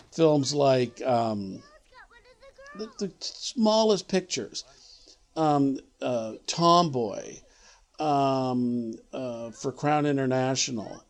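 Rambling middle-aged man telling a story. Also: medium pitch. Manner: rambling, searches for words, many restarts. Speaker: line producer. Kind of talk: anecdotal interview storytelling.

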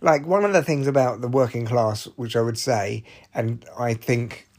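A man's voice: mid-range voice, normal speed, darkish tone. A man hosting a podcast, talking candidly and swearing freely, rambling with restarts and side remarks. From Scotland. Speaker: podcast host. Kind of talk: casual monologue.

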